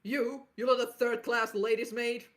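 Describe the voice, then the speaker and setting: Someone doing a gruff, burly sailor from a game, put-on Russian-style accent, clipped broken phrasing, touchy and proud, noisy home mic. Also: medium pitch, flat delivery, moderate pace, fairly bright tone, close to an everyday voice. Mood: suspicious. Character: gruff burly male ship crewman, touchy. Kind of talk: fan voice acting of a game.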